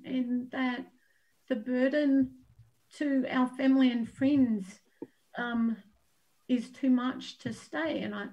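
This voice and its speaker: A woman's voice: high-pitched, darkish tone, muffled recording. A woman co-hosting an online event, speaking in an earnest and open way. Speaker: co-host and organizer. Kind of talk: heartfelt address. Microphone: video call.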